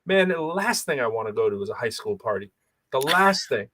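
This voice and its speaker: A man co-hosting a podcast, talking in an animated, emphatic way and repeating phrases for effect. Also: medium pitch, a little fast. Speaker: podcast co-host. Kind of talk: casual chat.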